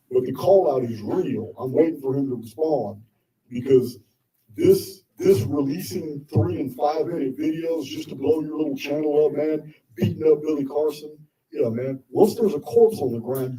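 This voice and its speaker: A man's voice: fairly high pitch, warm tone, recorded from a distance, rough recording. A man presenting live to an audience, talking bluntly and combatively with frequent swearing. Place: indoor meetup venue with audience.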